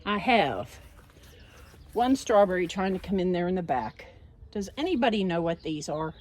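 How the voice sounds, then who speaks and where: A woman's voice: on the low side, lively intonation, moderate pace, darkish tone, a little hiss or hum. An older woman chatting in a homespun way as she walks outdoors through a backyard, filming on a handheld phone. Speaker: home and garden vlogger. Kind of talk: casual walk-through vlog.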